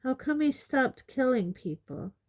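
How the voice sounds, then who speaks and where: A woman's voice: high voice, big pitch swings, measured pace, a little mellow, voice pushed up, full character voice. A woman reading an audiobook, voicing an eager, impatient teenage boy who asks urgent questions.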